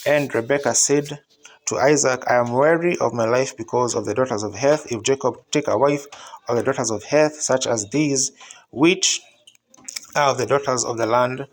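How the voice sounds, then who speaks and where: A man giving a measured, solemn reading of scripture. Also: mid-range voice. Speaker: Bible reader.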